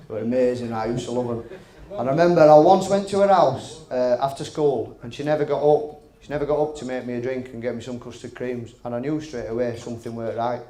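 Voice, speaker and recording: Cheeky comedian in an echoey hall. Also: male voice, mid-range voice, dark tone. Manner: chatty, cheeky, swearing, frequent "right?" asides. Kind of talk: after-dinner stand-up comedy. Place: hotel function room at a dinner. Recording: echoey function room.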